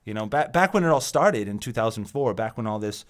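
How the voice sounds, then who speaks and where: A tired, exasperated man hosting his own channel, ranting about software and the internet, swearing often and repeating himself. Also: lowish voice, lively intonation, brisk. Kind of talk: profane tech rant monologue.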